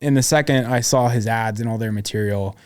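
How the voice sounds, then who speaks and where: A man's voice: lowish voice, brisk, smooth. Slangy young man telling his story. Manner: slangy and profane, full of "dude" and "like". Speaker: guest sales expert. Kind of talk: casual podcast storytelling.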